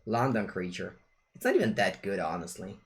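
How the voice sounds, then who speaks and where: A man's voice: sits low, fairly quick. A young man with an Italian accent chatting casually with viewers while streaming a card game. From Italy. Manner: chatty, animated, switches between English and Italian phrases.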